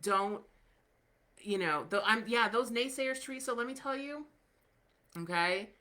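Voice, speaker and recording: A woman's voice: a little high, measured pace, sharp tone. A woman in her thirties hosting a podcast, talking casually and candidly with lots of fillers, encouraging her listeners. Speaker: podcast host.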